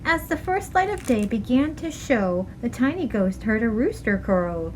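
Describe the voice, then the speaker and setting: A librarian reading a rhyming picture book aloud to young children, with an animated, expressive manner. Her voice is high and swoops freely, over a faint hum of noise. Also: a little slow, hardly any pauses, low-quality recording.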